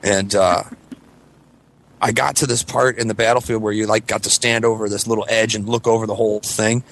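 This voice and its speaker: A man's voice: lowish voice, little pitch movement, fairly quick, gravelly, fairly bright tone. A man in his thirties telling a story on a casual podcast, rambling and swearing, acting out voices from the story. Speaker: podcast co-host.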